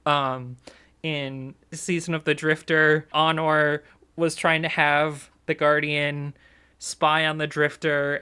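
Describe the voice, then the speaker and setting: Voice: medium pitch, sharp tone, smooth. A video creator chatting casually through a game lore breakdown, speculating aloud with lots of filler words.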